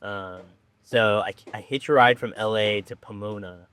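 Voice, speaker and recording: Laid-back rambling man, lowish voice. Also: fairly even intonation, normal speed, fairly bright tone, clean tone. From Orange County, California. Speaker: treatment program director. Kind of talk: casual storytelling on a podcast.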